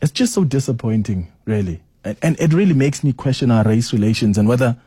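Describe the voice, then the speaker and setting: A man's voice: expressive, a little fast, dark tone, husky, no room sound, studio quality. A man hosting a call-in radio show, reading listener messages and questioning with earnest concern. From South Africa. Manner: earnest, questioning, rises in pitch when making a point. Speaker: radio talk show host.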